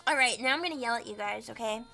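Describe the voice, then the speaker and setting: Hyper woman streamer, high bright voice, swears a lot, laughs constantly. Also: quick pace, creaky, soft background music. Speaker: streamer host. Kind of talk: casual stream chat.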